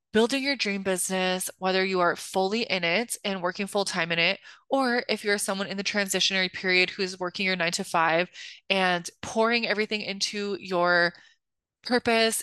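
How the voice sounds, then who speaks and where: A young woman talks through her solo podcast in a candid, confessional way, her sentences full of little fillers. The sound is close and dry, with no room around her, and her pitch sits in an ordinary middle range. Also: pushed and bright, clear, resonant tone, no echo. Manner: chatty and confessional, heavy use of filler "like". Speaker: podcast host and spiritual life coach.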